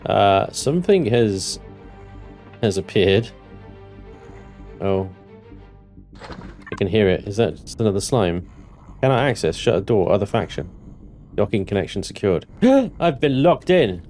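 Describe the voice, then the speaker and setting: A man giving let's-play commentary on his game, thinking aloud and breaking into panicked yelling and joking curses. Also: lowish voice, lively intonation, unhurried, pauses often, soft background music. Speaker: gaming channel host.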